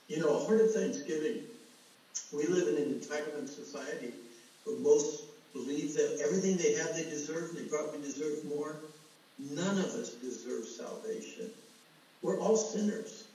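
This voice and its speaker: A man's voice: on the high side, moderate pace, warm tone, a little hiss or hum. A middle-aged man preaching a sermon, telling a personal story earnestly and calling his listeners folks. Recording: echoey hall, voice from far off.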